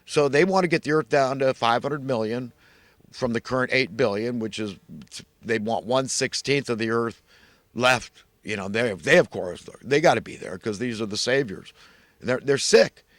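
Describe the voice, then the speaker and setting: A man's voice: mid-range voice, normal speed, fairly bright tone, no room sound. A man delivering an emphatic, repetitive solo rant. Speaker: vlogger.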